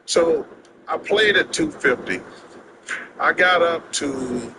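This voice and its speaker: An older man in his sixties spins animated, drawling anecdotes with quick laughs, his voice sitting a little high for a man. It is recorded outdoors, with loud background noise and traffic rumbling behind him. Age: 60s. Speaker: interview guest. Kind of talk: casual storytelling chat.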